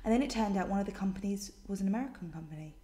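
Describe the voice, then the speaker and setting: A British woman answers questions on her vlog in a chatty, exasperated way, with a dry sarcastic edge. Her voice sits at an ordinary middle pitch. It rings noticeably off the walls of an echoey room. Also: lively intonation, rapid-fire, mellow. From Britain. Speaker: vlogger.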